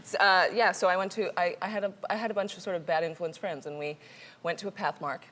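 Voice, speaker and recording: Young woman with a low, husky-toned voice, giggling. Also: fairly even intonation, fast talker, a bit bright, slight background noise. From New York City. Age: young adult. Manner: giggly, with many fillers and restarts. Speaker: actress guest. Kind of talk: talk show interview. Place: television studio.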